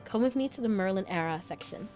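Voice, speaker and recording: A woman reading aloud the lines of a helpful guide spirit from a fantasy game, quietly and evenly. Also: mid-range voice, animated, quick pace, soft background music, natural voice. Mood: explaining.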